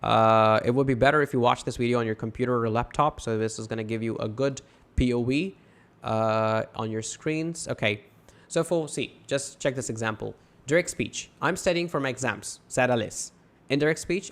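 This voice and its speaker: A man's voice: mid-range voice, moderate pace. A man teaching English grammar online in a casual, chatty way, reading example sentences aloud and explaining them with many fillers such as "you know" and "right?". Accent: South Asian English.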